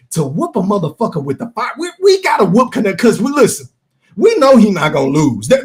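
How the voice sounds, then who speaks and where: A man hosting a podcast, ranting loudly and profanely about boxing, with frequent shouted outbursts. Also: sits high. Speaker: podcast host. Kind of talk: heated boxing rant.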